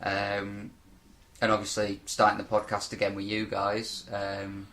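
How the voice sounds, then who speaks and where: A man's voice: fairly low pitch, completely flat delivery, a little slow, a bit bright. A man hosting a podcast in casual group chat, reading out questions and rambling with many hesitations.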